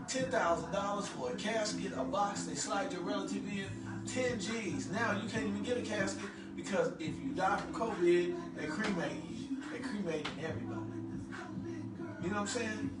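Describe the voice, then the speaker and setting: Fifties man, casual vlog talker, slightly high voice, distant and roomy with music underneath. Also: normal speed. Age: 50s. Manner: loose, chatty storytelling with frequent asides to the listener. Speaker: vlogger. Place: home room he calls his lab. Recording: roomy, far from the mic, music behind.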